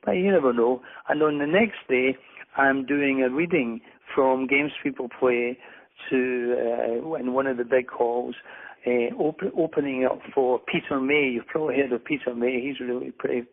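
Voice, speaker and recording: Over narrow, phone-like audio, a middle-aged guest author from Scotland talks at a moderate pace with a medium-pitched voice. The interview chat is casual, and he rambles, restarts often, and pokes fun at himself.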